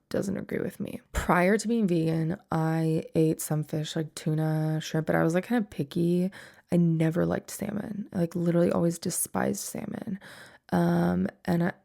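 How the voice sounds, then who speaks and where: Gravelly-voiced woman podcast host. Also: lowish voice, dark tone. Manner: chatty, filler-heavy, laughs often. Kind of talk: casual solo podcast chat.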